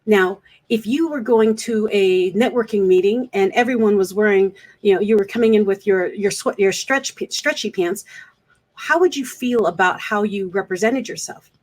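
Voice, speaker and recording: A woman's voice: mid-range voice, normal speed, darkish tone. Earnest woman coaching on camera. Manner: earnest, coaching, repeats points for emphasis. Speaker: speaker coach. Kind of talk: direct-to-camera advice vlog.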